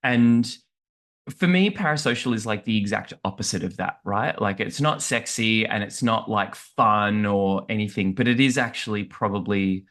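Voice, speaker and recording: A man's voice: on the low side, moderate pace, a bit bright. A man co-hosting a casual language podcast, rambling and hesitant with many restarts and laughs. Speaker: podcast co-host. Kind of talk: casual chat.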